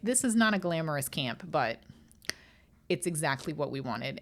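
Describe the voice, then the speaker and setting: A woman's voice: a bass voice, gravelly. A middle-aged woman hosting her own podcast, talking candidly and emotionally with frequent swearing, close to tears. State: tearful. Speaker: podcast host. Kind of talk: casual solo podcast monologue.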